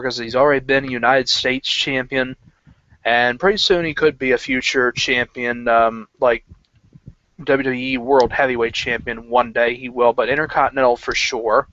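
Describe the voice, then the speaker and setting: A man's voice: medium pitch, fairly even intonation, normal speed, pushed and bright. A man giving casual predictions about wrestling matches in a rambling way, full of fillers and self-corrections. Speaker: wrestling pundit. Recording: dull lo-fi recording.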